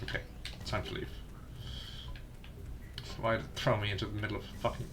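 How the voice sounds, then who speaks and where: A man's voice: lowish voice, level tone, a little fast, background noise. A man streaming a video game, chatting casually with friends and muttering self-deprecating jokes while he searches. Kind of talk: casual gameplay commentary with friends.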